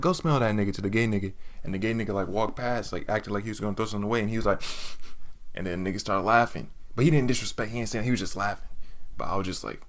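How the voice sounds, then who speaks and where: A man telling a personal story in casual, profane slang, often breaking into laughter. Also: on the low side. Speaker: storytime vlogger.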